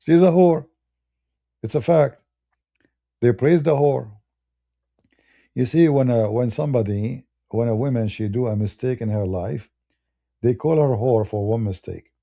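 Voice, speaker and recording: A man with a Middle Eastern accent rants in a blunt, scornful way, his English grammar broken and choppy. His voice is very dark and gravelly, with a rough crackle at the bottom of his range. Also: medium pitch, a little slow, pauses often. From Middle East. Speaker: debater. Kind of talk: heated ranting monologue.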